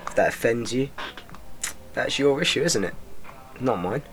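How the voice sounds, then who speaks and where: A young man hosting a podcast, rambling in a deadpan, self-mocking way and swearing freely. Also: mid-range voice, normal speed, a little hiss or hum. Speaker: podcast host. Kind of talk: rambling comic monologue.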